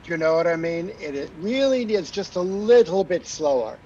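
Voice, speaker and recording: A man's voice: fairly high pitch, big pitch swings, normal speed, a little mellow, a little hiss or hum. A man coaching an opera singer after her aria, chatty, with fillers, singing short phrases to show what he means. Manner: chatty, sings phrases to demonstrate, many fillers. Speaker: opera coach on a master class panel. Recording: dull lo-fi recording.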